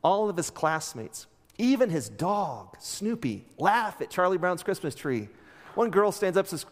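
A man preaching a sermon as pastor, telling stories in an animated way and acting out the characters' lines. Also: high voice, unhurried, big-room sound. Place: church sanctuary.

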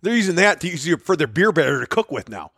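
A man's voice: on the high side, big pitch swings, fast talker, a bit bright, slightly rough, dry recording, clean studio sound. Blunt man telling bar stories. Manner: swearing, storytelling, riffing. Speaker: podcast co-host. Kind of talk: casual chat.

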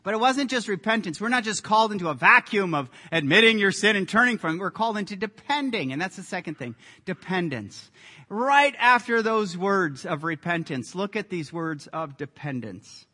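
A man preaching a sermon as a pastor, earnest and emphatic, building to loud peaks. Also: sits high, animated, moderate pace. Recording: echoey hall reverb.

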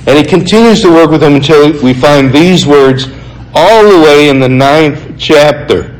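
A man preaching a sermon, reading scripture passages aloud and explaining them in an earnest, conversational way, slowing down to stress key points. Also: on the high side, rough recording. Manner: earnest, conversational, slows for emphasis.

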